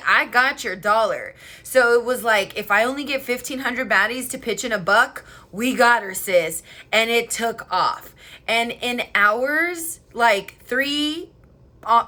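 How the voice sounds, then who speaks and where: A young woman vlogger chatting casually and excitedly, swearing freely as she tells a story. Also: fairly high pitch. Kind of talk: casual chat. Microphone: headphone mic.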